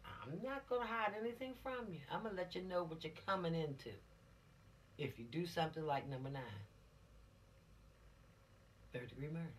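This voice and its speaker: A woman's voice: low-pitched, fast talker, a little hiss or hum. A woman police officer giving a law lesson to teenagers, telling it dramatically with rhetorical questions and acted-out scenes. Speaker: police officer teaching teens. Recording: voice from a distance.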